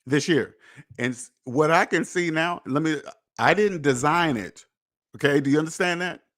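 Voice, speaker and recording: A man hosting a personal finance podcast in an emphatic, preachy monologue, repeating points and swearing, swinging between loud jabs and low muttered asides. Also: moderate pace. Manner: emphatic, preachy, repetitive, with profanity. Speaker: podcast host.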